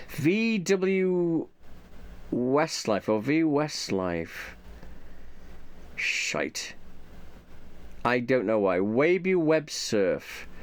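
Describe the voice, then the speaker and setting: A man's voice: medium pitch, a little mellow, clear, resonant tone, no echo. Man rambling aloud in a dry room. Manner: rambling, thinking aloud, muttering repeated asides to himself. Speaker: YouTuber reviewing his subscriptions. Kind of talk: casual off-the-cuff monologue.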